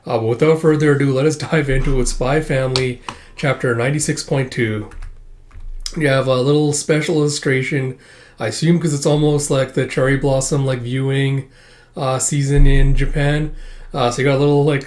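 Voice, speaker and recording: A man hosting a casual manga read-through, rambling with many fillers and frequent chuckles. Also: medium pitch. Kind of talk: casual reading commentary.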